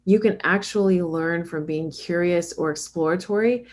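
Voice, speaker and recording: A woman mental health counselor explaining ideas calmly on a podcast. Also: fairly low pitch, moderate pace. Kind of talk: conversational podcast talk.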